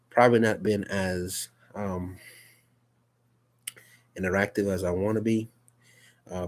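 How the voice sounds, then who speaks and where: A man teaching a casual live phonics lesson, patient and repetitive, often checking in with "okay?". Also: low voice.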